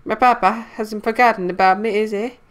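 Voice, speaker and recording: A woman voicing an excitable young noble lady who gushes in breathless chatter in a game playthrough. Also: medium pitch, a little fast, pitched above the performer's own voice, natural voice. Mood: excited.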